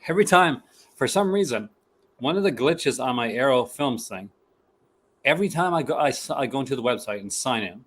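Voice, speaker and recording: A man's voice: medium pitch, expressive, brisk, fairly bright tone. A sleepy man chatting casually as co-host of a livestream and greeting viewers by name. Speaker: co-host of a film collecting livestream. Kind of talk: casual live chat.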